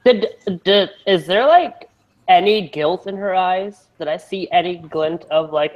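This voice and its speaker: A woman's voice: fairly low pitch, unhurried, dull audio. A woman playing a tabletop game, joking and swearing casually. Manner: profane, playful. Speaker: player.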